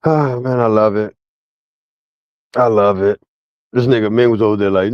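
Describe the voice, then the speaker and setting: A man's voice: lowish voice, fairly even intonation, normal speed, pauses often, clear, resonant tone, no echo, muffled recording. A man livestreaming a casual rant at his chat in a mocking, slang-heavy way.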